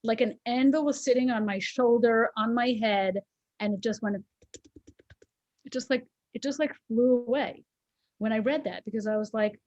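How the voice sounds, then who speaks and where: A woman's voice: on the high side, moderate pace, a little mellow, dry recording. Casual co-host, a woman in her forties, candid and emotional, dry and a bit muffled. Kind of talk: casual chat, personal story.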